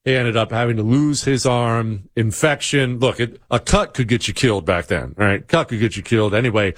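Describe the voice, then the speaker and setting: A man's voice: mid-range voice, normal speed, no echo, clean studio sound. A middle-aged man hosting a radio talk show, talking in an emphatic, opinionated monologue and repeating phrases for effect. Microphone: studio mic.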